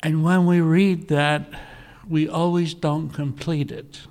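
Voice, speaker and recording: A male preacher giving a sermon, telling a scripture story earnestly and often clearing his throat. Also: on the high side, slow pace. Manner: earnest storytelling, animated when quoting scripture.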